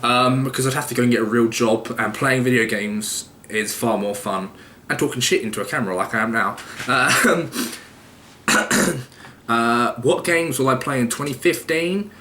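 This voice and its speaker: Rambling young man, bright voice. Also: medium pitch, moderate pace, echoey room, slight background noise. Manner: rambling, loose and jokey, swears casually. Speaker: YouTuber answering viewer questions. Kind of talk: casual vlog Q&A.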